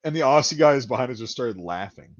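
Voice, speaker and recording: A man in casual chat spinning a long, profane anecdote and slipping into the voices of the people in it. His pitch sits in the middle range. The recording is dull and lo-fi. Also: expressive, a little fast. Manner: profane, rambling anecdotes with acted-out quotes.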